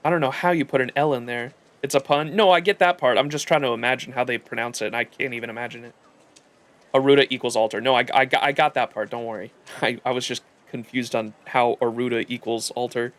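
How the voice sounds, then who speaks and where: A man's voice: medium pitch, fairly even intonation, fast talker, fairly bright tone. A man streaming a game live, reacting casually and thinking aloud, with loose swearing and stumbling restarts. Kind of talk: live gameplay commentary.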